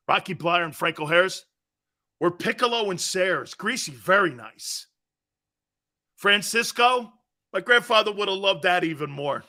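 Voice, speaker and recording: A man hosting a live sports talk show, telling stories in an animated, rambling way with many asides. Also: a little high, moderate pace, creaky. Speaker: sports talk radio host.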